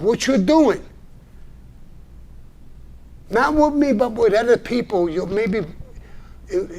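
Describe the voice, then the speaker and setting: A man's voice: high voice, darkish tone. An older man hosting a live show, answering a viewer's message in a blunt, profane, combative monologue. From New York. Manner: profane, combative and indignant, with short gruff laughs.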